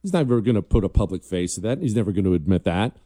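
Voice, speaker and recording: A combative man hosts a political commentary show in a low, mellow voice. He drives each point hard and keeps an emphatic edge. The sound is dry and close, with no room around it. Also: big pitch swings, quick pace, no room sound. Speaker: host.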